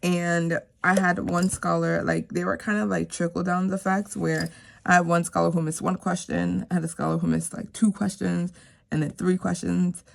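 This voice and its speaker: A woman's voice: fairly low pitch, little pitch movement, moderate pace, vocal fry, slight background noise. A woman chatting casually to her viewers while doing a cash savings challenge, repeating herself for emphasis.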